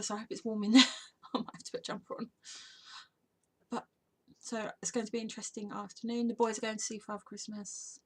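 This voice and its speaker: Chatty tired woman, husky voice. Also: medium pitch. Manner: chatty, rambling, trails off into soft whispers. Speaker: vlogger and podcaster. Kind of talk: casual unscripted vlog chat.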